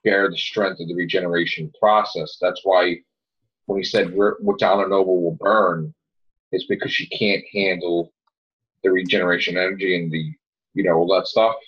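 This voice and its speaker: A man on a casual fan podcast who talks in heated, profane rants. His voice is a little husky, and the audio sounds dull and lo-fi. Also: sits low, flat delivery, normal speed. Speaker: podcast host.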